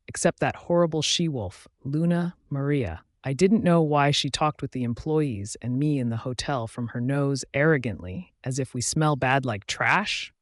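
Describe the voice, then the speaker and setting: A man reading first-person audiobook narration in a steady storytelling voice. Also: fairly high pitch, no room sound, clean studio sound.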